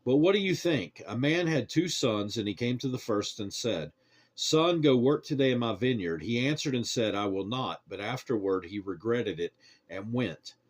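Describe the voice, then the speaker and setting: A man giving a plain scripture reading in a steady, measured cadence. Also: on the low side. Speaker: Bible reader.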